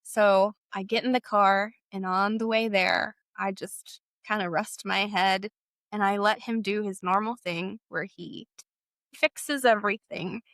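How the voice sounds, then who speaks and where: A woman's voice: medium pitch, fairly even intonation, a little slow, a bit bright, dry recording. A young woman from Texas talks through a personal story as an interview guest, her mid-range voice recorded dry and close. She speaks casually and fills her sentences with "like". She slips into quoting the people she remembers as she goes. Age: young adult. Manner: casual, heavy use of "like", acts out past dialogue.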